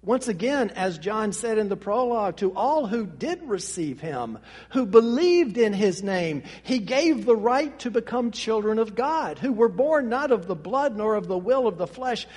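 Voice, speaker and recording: High-voiced preacher in a reverberant hall. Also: male voice, very animated, measured pace, slightly rough. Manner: preaching with sweeping swings between hushed and rising passages. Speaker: pastor. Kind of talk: sermon.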